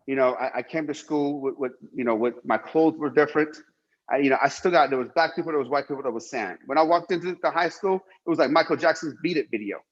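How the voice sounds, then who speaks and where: A man's voice: on the high side, fast talker, highs cut off. A middle-aged man from Iran telling his life story emphatically in an interview, repeating himself and swearing freely. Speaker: guest.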